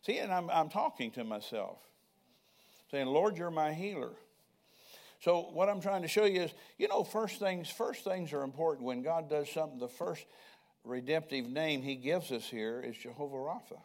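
A man's voice: fairly high pitch, expressive, moderate pace, darkish tone. An older man preaching a sermon in a conversational way, often asking the congregation questions. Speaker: pastor.

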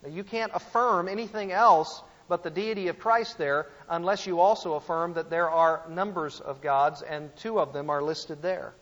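A man's voice: fairly high pitch, normal speed, few pauses, a bit bright, big-room sound, lo-fi sound. A man preaching a teaching sermon, emphatic, asking his listeners rhetorical questions. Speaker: pastor teaching a series.

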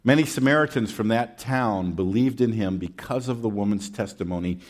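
A man's voice: lowish voice, moderate pace, few pauses. A man preaching a sermon in a conversational way, with rhetorical questions and folksy asides.

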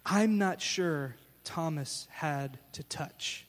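A man preaching a sermon as pastor, telling the story with lively, casual slang. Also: a little high, drawn-out words, in a large hall. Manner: animated storytelling, acting out scenes with casual slang.

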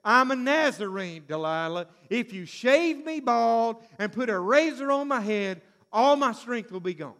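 A man's voice: extremely high pitch, expressive, a little slow, hardly any pauses, fairly bright tone, voice pushed up, heavily acted. A male preacher voicing a strong biblical hero who gives matter-of-fact answers within a sermon. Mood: earnest.

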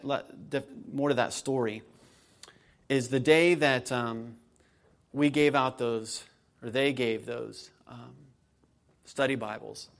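A man's voice: mid-range voice, a bit bright. A man in his thirties preaching to his church in a conversational way, building to emphatic peaks. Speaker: pastor. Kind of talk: sermon.

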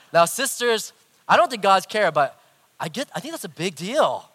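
Middle-aged male preacher, high-pitched, lively storyteller who swings from loud to hushed. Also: moderate pace. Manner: animated, acts out voices, big swings in loudness. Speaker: pastor. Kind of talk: sermon with personal storytelling.

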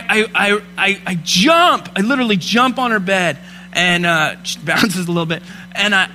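A man in his thirties preaching a sermon, telling personal stories and rising from hushed asides to loud, fervent preaching. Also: high voice, slight background noise. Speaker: pastor.

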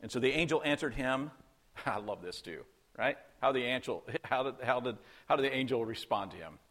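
A man's voice: mid-range voice, lively intonation, a little fast, fairly bright tone. A man preaching a sermon in a conversational way, full of rhetorical questions and acted-out quotes. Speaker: pastor.

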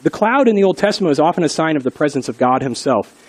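A man's voice: fairly high pitch, lively intonation, quick pace, darkish tone. A middle-aged male pastor giving an earnest, conversational sermon and telling stories along the way. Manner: earnest, conversational preaching with storytelling.

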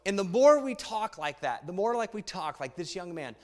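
A man preaching to a youth congregation in a lively, conversational way, asking the listeners questions and reading a story aloud. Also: high voice, normal speed. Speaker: pastor speaking to a youth congregation. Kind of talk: sermon with a read-aloud story. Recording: long reverb in a church hall.

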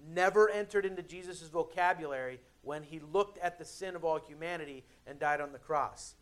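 A young adult male pastor preaching a sermon in a conversational way, with dramatic pauses and emphatic builds. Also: a little high, a bit bright.

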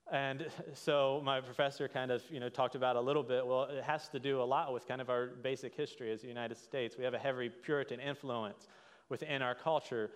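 A pastor preaching a sermon in a conversational way, often checking in with "right?". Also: male voice, medium pitch, steady tone, brisk, smooth. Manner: conversational, frequent "right?" tag questions. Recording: reverberant hall.

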